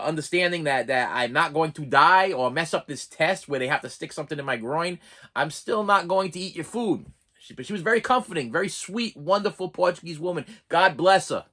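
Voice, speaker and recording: Animated man telling a rambling story. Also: fairly high pitch. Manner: animated, acts out other people's lines in the story; rambling with frequent restarts and asides. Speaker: vlogger and collector. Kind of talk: casual storytelling vlog.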